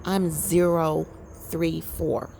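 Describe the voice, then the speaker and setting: A woman's voice: low-pitched, little pitch movement, drawn-out words, creaky, dark tone, slight background noise. A woman in her fifties chatting candidly and rambling to her viewers on an outdoor deck. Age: 50s. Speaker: vlogger. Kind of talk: casual personal chat to viewers.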